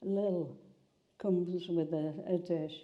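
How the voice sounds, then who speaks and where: A woman's voice: lowish voice, steady tone, slow. An older woman, chattily telling stories from her past in an oral history interview. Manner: chatty storyteller, repeats and restarts. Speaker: interviewee recalling wartime. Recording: slightly dull sound.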